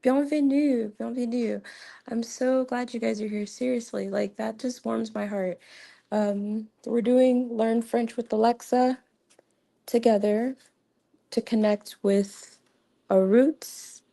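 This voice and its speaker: A woman's voice: on the high side, fairly even intonation, takes it slowly, gravelly, mellow. A young woman hosting a casual livestream, chatty and laughing often, with many fillers. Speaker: livestream host.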